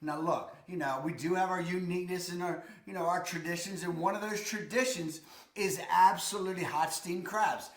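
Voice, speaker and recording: A man's voice: sits high, moderate pace, reverberant. A man from Baltimore with a Baltimore accent, talking to camera in a casual, enthusiastic, emphatic and folksy way. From Baltimore, Maryland. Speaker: host of a local living channel.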